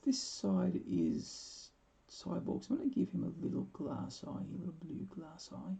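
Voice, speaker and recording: A man in his forties hosting a live painting stream, chatting casually and rambling with chuckles, often trailing off into quiet mumbles. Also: sits high, very animated, moderate pace, gravelly. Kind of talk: casual chat while painting.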